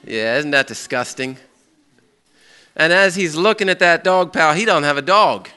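Bright-voiced pastor telling a story. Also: male voice, a little high, moderate pace, smooth. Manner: lively, asks the audience questions, acts out a story. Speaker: pastor teaching a Bible class. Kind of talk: interactive sermon with storytelling.

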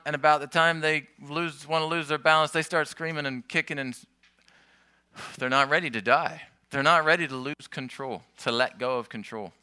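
A man preaching in a very bright, crisp voice, talking through his points in a loose, conversational way and often restarting his sentences. The sound is dry and close to the mic, with the room adding almost nothing. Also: on the high side, no echo. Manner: conversational teaching with restarts and asides. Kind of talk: sermon.

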